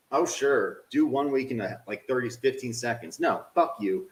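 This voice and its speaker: A man streaming a game, swearing at it and swinging from low grumbling to loud yelling while he talks to his chat. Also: lively intonation, normal speed, few pauses, echoey room, poor audio. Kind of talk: live game stream commentary.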